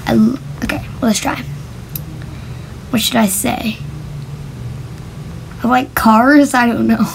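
A high, light female voice chatting to her viewers in an unhurried, drawn-out way. She talks casually and comes across as giggly and a little self-conscious, with a faint hiss of noise under her voice. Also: steady tone, vocal fry. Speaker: vlogger testing a voice app. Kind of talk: casual chat to camera.

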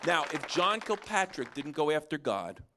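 A man's voice: moderate pace, slight background noise. A man preaching a sermon, telling stories and acting out the people in them with big jumps in voice. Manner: animated, acts out quotes with big pitch jumps. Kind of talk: sermon storytelling.

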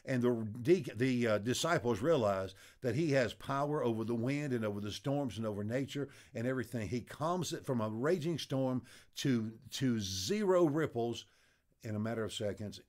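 A man's voice: mid-range voice, lively intonation, moderate pace, a little mellow. A middle-aged man preaching a devotional sermon as pastor, telling stories and acting out voices in them. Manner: storytelling, acts out voices in anecdotes.

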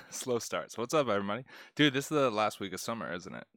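A man's voice: fairly low pitch, lively intonation, fast, a bit bright, no room sound, clean studio sound. A young man tutoring on a casual livestream, chatty and laid-back as he greets viewers by name. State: out of breath. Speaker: test prep tutor streaming live.

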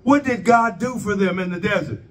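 High-voiced preacher asking rhetorical questions. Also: male voice, moderate pace, recorded from a distance. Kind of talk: sermon.

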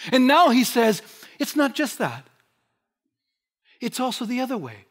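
A man giving a sermon as pastor, moving from loud, driving emphasis to quiet, hushed asides. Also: very high voice, big pitch swings, a little slow. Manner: impassioned preaching, swinging between loud emphasis and quiet asides. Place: church sanctuary.

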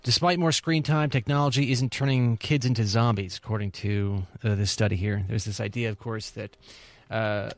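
A man co-hosting, reading news items aloud in a measured, mild, slightly hesitant way. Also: fairly low pitch, fairly even intonation, no echo. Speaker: co-host reading news stories. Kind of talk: reading headlines in casual chat.

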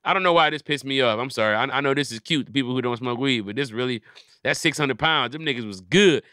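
Bright, crisp-voiced comedian riffing profanely. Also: male voice, medium pitch, quick pace, dry recording, clean studio sound. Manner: profane riffing, acts out little scenes. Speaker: comedian podcast host. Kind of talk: casual comedic chat.

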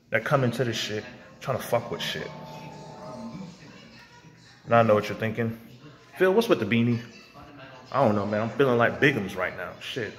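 A man ranting hotly to camera as a vlogger, profane and confrontational, now and then mocking others in put-on voices. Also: medium pitch. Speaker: vlogger and music producer.

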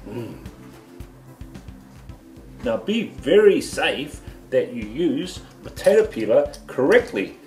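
A man's voice: medium pitch, very animated, slow pace, long pauses, echoey room, faint music behind. A man with a New Zealand accent hosting a goofy comedic cooking show from his home kitchen, full of playful sing-song exclamations.

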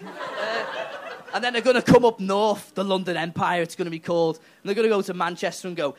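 A high-pitched man tears through a crude stand-up routine on a comedy club stage. He rants and swears, jumping between mock voices and shouted punchlines. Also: fast. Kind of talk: stand-up set.

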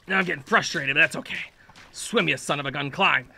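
A man with a high, very bright voice narrates his own gameplay. His pitch leaps all over as he drops from quiet, jokey mumbling into frustrated yells at the screen. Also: lively intonation, fast, no room sound. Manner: yells at his climbing character, swings from mutters to shouts; jokey self-talk while playing. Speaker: gaming channel host. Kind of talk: let's play commentary.

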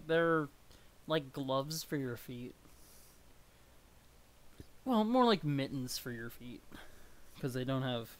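A streamer chatting casually and rambling while reading through a webcomic on a live stream. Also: mid-range voice. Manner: rambling, self-deprecating, chatty.

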